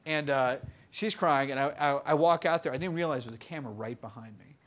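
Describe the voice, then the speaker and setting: A man in his twenties telling stories in a casual interview, animated, full of fillers and laughing often. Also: on the high side, fast talker. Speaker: interview guest. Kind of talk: casual storytelling. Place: bookstore event.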